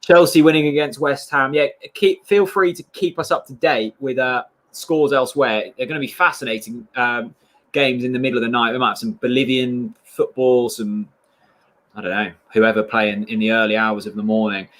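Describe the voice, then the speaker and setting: A man co-hosting a livestream in a relaxed, chatty way. His voice sits at a slightly low but ordinary pitch as he reads viewer comments aloud. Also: moderate pace. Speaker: livestream co-host. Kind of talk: casual livestream chat.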